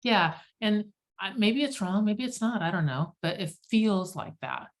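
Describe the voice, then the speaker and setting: A woman hosting a casual group chat, telling stories in an animated, self-deprecating way. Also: medium pitch, a little slow.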